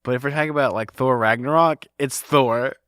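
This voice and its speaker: A man's voice: medium pitch, fairly quick, fairly bright tone, smooth, dry recording, studio quality. A man co-hosting a podcast in casual chat, talking loosely with lots of "like" fillers. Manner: filler-heavy, chatty with lots of "like". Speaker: podcast co-host.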